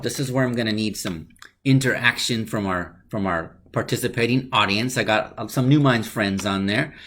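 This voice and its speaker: Male teacher for a kids' online class, low and husky, casual and upbeat, keeps checking "right?". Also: a bit bright.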